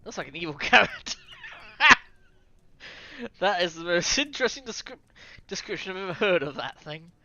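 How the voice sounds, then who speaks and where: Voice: medium pitch, lively intonation, normal speed, long pauses, pushed and bright, highs cut off. A streamer making jokey, laughing asides while reading a visual novel on stream.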